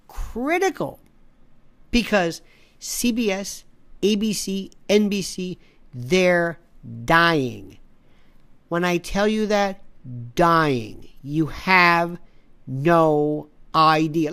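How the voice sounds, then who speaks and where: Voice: mid-range voice, a bit bright, smooth. An independent media analyst delivering an opinionated commentary, ranting and repeating phrases for emphasis, often acting out quoted conversations.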